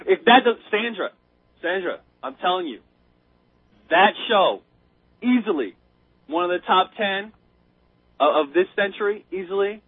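Excitable man on a tinny phone line. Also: high-pitched, normal speed, pauses often, breathy edge. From United States. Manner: excited rambling storyteller, stumbles over words. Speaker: caller. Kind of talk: casual chat.

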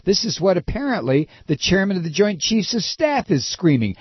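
A man's voice: sits high, sing-song, normal speed, hardly any pauses, husky, no echo. A man hosting a political talk show, ranting in a sarcastic, scornful, mocking way, on a dull, lo-fi recording. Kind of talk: political commentary rant.

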